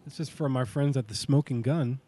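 A man's voice: medium pitch, brisk, warm tone, a little hiss or hum. A man with a stuffy nose, hosting a casual comedy podcast and reading a news story aloud. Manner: reads news aloud, laughing often. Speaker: podcast host.

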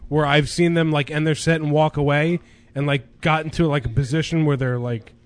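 A man's voice: on the high side, steady tone, fairly quick. A man hosting a casual podcast chat, rambling with lots of fillers and swearing. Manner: rambling, full of "like" and profanity.

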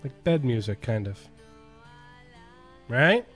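A man's voice: medium pitch, sing-song, takes it slowly, fairly bright tone, soft background music. A man hosting a comedy radio show, teasing his co-hosts and reading out news. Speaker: radio host.

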